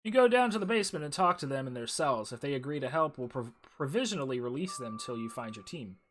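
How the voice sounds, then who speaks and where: A man's voice: mid-range voice, big pitch swings, fast talker, a bit bright. A man voicing a stern, by-the-book male jungle ranger officer, reading game dialogue aloud in a formal briefing tone.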